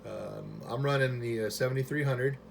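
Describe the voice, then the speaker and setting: A man chatting on ham radio from his home station into a boom mic, relaxed and friendly with lots of fillers. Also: normal speed, vocal fry, slight background noise. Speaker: amateur radio operator. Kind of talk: ham radio contact chat.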